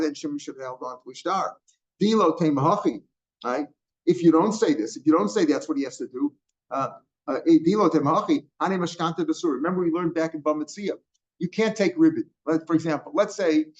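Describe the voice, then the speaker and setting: An older man whose voice sits a little higher than most men's teaches Talmud line by line, explaining step by step. He sprinkles in Hebrew and Aramaic terms and keeps checking in with a rhetorical "right?" The recording is dull and lo-fi.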